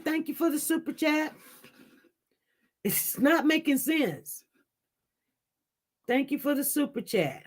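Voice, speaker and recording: A woman's voice: sits high, animated, takes it slowly, long pauses. A woman hosting a casual livestream, talking straight to her viewers in an impassioned, repetitive way. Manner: impassioned, repetitive, talks directly to chat. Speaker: livestream news host.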